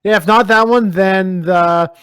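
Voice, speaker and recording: A man's voice: high voice, unhurried, fairly bright tone, clear, resonant tone, no room sound. A young man co-hosting a podcast, laid-back and swearing casually. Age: young adult. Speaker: podcast co-host. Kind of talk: casual chat.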